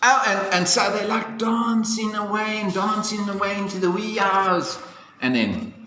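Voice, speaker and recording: Male storyteller, slightly high voice, chatty asides and playful sound effects, recorded in an echoey room. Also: measured pace, sharp tone, slight background noise. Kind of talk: casual retelling of a fairy tale. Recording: echoey hall with faint ambience.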